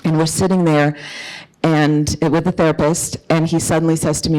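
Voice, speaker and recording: A woman's voice: low-pitched, flat delivery, a little fast, warm tone. A middle-aged woman giving an earnest, emphatic conference talk as an author, telling a personal story. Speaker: author and speaker.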